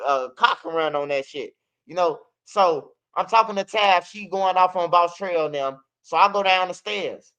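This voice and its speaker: A man from Chicago with a Chicago accent, telling street stories casually in an animated, profane way and acting out what others said. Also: high voice, clear, resonant tone. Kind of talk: casual storytelling.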